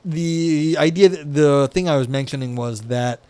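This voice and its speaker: A man's voice: on the high side, normal speed, dark tone, clean tone, no room sound. A young man on a live stream, reading philosophy aloud and reacting with wry, profane asides full of "like" and restarts. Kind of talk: casual live-stream commentary. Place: indoors at a desk by a window.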